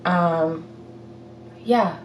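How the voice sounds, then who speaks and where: Speaking very slowly in a lowish voice, this young fitness vlogger chats casually through viewer questions, giggling and leaning on filler words as she rambles. The lo-fi recording carries a slight hiss or hum, captured by a far-off mic in a room with echo.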